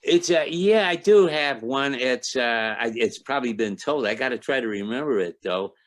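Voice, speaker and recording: A man's voice: mid-range voice, animated, normal speed. A man in his eighties from Ohio, a guest speaker reminiscing and telling a joke, rambling on tangents with many fillers, over a video call. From Toledo, Ohio.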